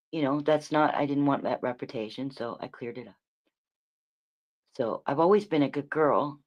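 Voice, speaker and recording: Woman streamer, casual rant, cursing, rambling, loud bursts then low mutters. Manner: profane, rambling, self-correcting. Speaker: livestream host. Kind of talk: casual ranting commentary.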